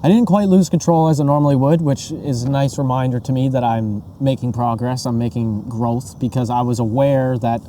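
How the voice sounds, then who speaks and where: Male podcast co-host, earnest and reflective, very dark warm tone, faint background noise. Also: mid-range voice, steady tone, moderate pace, few pauses. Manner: earnest, reflective, repeats himself as he thinks. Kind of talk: candid mental health podcast talk.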